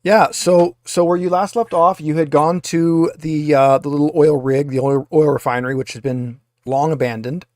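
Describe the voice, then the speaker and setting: A man's voice: on the high side, steady tone, moderate pace, hardly any pauses, darkish tone, no room sound, clean studio sound. A man running a tabletop game as game master, talking in a rambling way with many filler uhs. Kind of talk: narrating a tabletop game over a video call.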